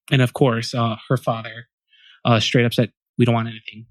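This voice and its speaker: A man's voice: mid-range voice, a little fast, no echo, clean studio sound. A young man telling a story as a guest on a podcast, acting out his relatives' lines with lots of "like" and "you know.". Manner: animated storyteller, acts out quoted relatives.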